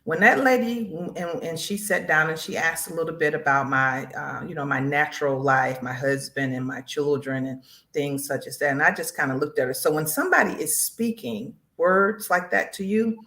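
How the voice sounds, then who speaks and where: A woman's voice: sits low, normal speed. A woman hosting a faith broadcast. She tells a personal testimony, talks straight to her listeners and acts out what people said to her. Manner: animated storyteller, acts out quotes, addresses listeners as y'all.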